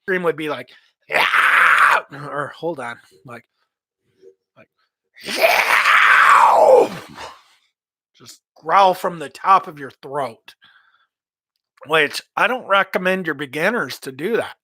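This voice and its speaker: A man's voice: a little high, expressive, measured pace, long pauses, pushed and bright, no echo. A man, a metal vocalist, giving rambling casual advice on singing, repeating himself as he goes. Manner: rambling, repeats words, demonstrates screams and growls.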